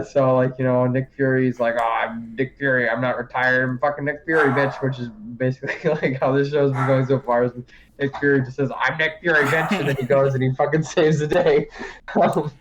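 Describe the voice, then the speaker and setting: A man's voice: medium pitch, dull audio, noisy background. A man co-hosting a podcast, recapping a TV series in casual, rambling chat, swearing and laughing often. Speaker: podcast co-host.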